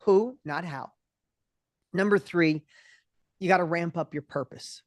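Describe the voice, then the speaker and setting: A man in his fifties, a guest entrepreneur in an interview, talking with passion and often restarting his words when excited. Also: fairly high pitch, no room sound, clean studio sound. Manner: passionate, acts out other people's voices in quick bursts. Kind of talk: energetic interview conversation.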